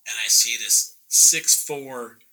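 A man's voice: mid-range voice, slow pace, poor audio. A middle-aged man casually telling a story, acting out other people's lines and often laughing. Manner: animated, acts out quoted voices, laughs often. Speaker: guest painter telling a story.

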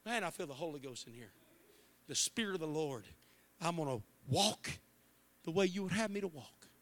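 Man, Midwestern American pastor, high-pitched, bright tone, impassioned sermon. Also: lively intonation, normal speed. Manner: passionate preaching, swings from hushed to shouting. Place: church sanctuary.

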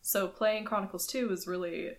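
A woman's voice: mid-range voice, steady tone, moderate pace. A woman co-hosting a podcast in casual chat, chatty and laughing often. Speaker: podcast co-host.

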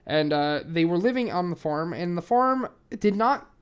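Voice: medium pitch, expressive, moderate pace, clear, resonant tone. Tipsy podcast host, swears a ton, rambly true crime chat. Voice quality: heavy swearing, loose rambling delivery with many fillers. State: a little tipsy.

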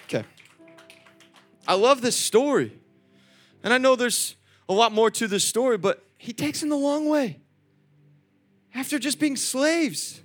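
A young man preaching a sermon, animated, swinging between loud calls and soft asides and talking straight to the congregation. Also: very high-pitched, a little slow, pauses often, soft background music. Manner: acts out quoted voices, chats with the congregation. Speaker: pastor.

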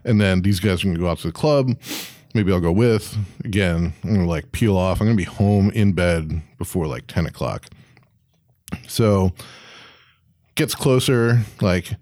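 A man tells a story in loose, casual talk, full of swearing and voiced quotes of the people in it. His voice sits low. The sound is dry and close, with no room around it. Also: unhurried, a little mellow, no room sound. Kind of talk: casual anecdote.

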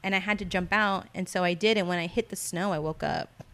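A woman's voice: on the low side, fairly even intonation, fairly quick, fairly bright tone. Rambling young woman telling dreams. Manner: rambling, filler-heavy storytelling with acted-out quotes. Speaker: guest recounting dreams. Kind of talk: casual podcast chat.

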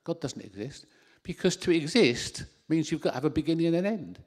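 A man preaching a sermon into a handheld microphone in a church hall, animated, with self-deprecating asides. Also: fairly high pitch, fast talker.

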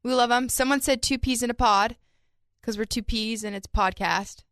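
Bright, crisp young woman chatting. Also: on the high side, normal speed, dry recording, clean studio sound. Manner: chatty storyteller, acts out quotes of family. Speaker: podcast co-host. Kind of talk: casual chat.

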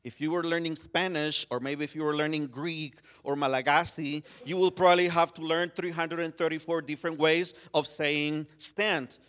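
A man who learned English as a second language, preaching in a church in a chatty style with many asides and slowed-down emphasis. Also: on the high side, fairly even intonation, a bit bright. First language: not English. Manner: conversational, frequent "you know" and restarts, slows down to stress key words. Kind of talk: sermon with humorous stories.

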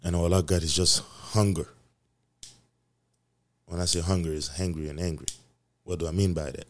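Deep voiced guy rambling on his solo podcast at home, cussing nonstop. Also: a little fast, pauses often. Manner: profane, ranting, rambling. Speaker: podcast host. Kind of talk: casual solo podcast rant.

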